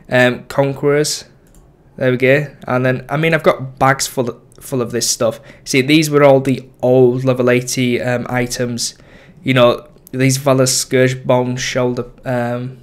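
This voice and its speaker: A man's voice: mid-range voice, little pitch movement, unhurried, clear, resonant tone. A young man giving casual, rambling commentary over his game, full of ums and self-corrections. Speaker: gaming YouTuber.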